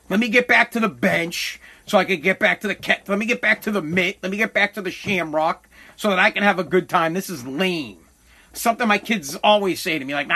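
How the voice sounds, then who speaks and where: A man's voice: high-pitched, sharp tone, husky. A middle-aged man from Massachusetts, a podcast host, telling a candid personal story in a rambling, profane way, full of self-corrections and heavy with regret.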